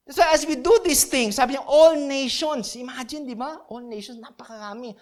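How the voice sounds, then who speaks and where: A woman with a Filipino accent preaching a sermon, mixing English and Tagalog and often asking her listeners questions. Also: a little high. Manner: switches between English and Tagalog, with rhetorical questions; emphatic, repeats key phrases.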